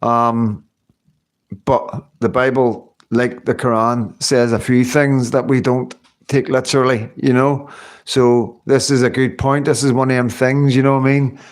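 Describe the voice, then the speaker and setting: A man's voice: medium pitch, flat delivery, measured pace. A man hosting a casual livestream, rambling through viewers' comments with lots of fillers and tag questions. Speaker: livestream host.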